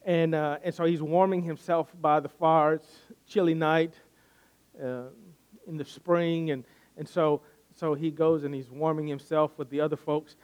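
A man's voice: fairly high pitch, little pitch movement, normal speed, a little mellow, clean tone, highs cut off. A man preaching a sermon, retelling a scripture story in a conversational way and often restarting with repeated words.

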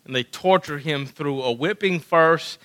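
A man preaching a sermon as pastor, earnest, often restarting and repeating words, moving between hushed, low passages and loud, emphatic stretches. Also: measured pace, poor audio.

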